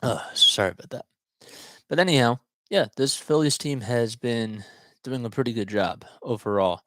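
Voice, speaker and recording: Guy doing a solo sports talk show, rambly and chatty, middle pitch, dry close sound. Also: moderate pace, fairly bright tone, no echo. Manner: rambling, chatty, often restarts and digresses. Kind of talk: casual solo sports commentary.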